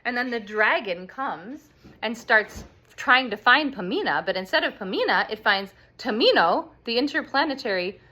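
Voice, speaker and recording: A woman explaining an opera plot to children as an expressive storyteller. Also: a little high, normal speed. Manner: animated, expressive.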